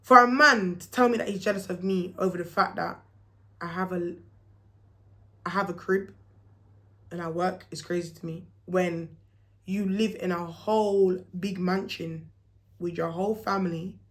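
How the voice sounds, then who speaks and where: A woman's voice: on the low side, moderate pace, pauses often. Young woman telling a story. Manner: animated, acts out quoted dialogue, slangy. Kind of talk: casual storytime vlog.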